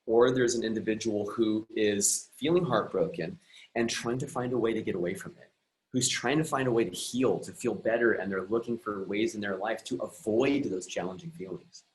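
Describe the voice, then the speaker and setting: Low-voiced man telling his story. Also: normal speed, poor audio. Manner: earnest, reflective, with frequent restarts. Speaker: guest, emotional and relationship coach. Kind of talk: personal storytelling in conversation.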